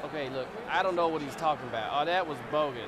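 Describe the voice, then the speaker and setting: A man voicing an absurd, blustery basketball player in a lip-reading parody dub, with silly lines that swing between shouting and muttering. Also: a little high, fast, natural voice. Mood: goofy. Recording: arena crowd and loud noise behind.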